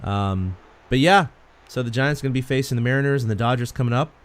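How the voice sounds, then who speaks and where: Guy co-hosting a sports podcast, casual chatty storyteller, laughs a lot, average pitch. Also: fast. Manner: chatty, animated storyteller who laughs often. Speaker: podcast co-host.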